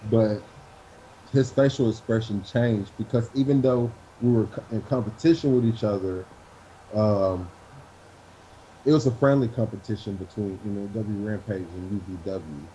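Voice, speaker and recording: A man, a wrestler, telling a story in an interview in an animated way and acting out what people said. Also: fairly low pitch, normal speed, dull audio, a little hiss or hum. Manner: animated storyteller who acts out quotes.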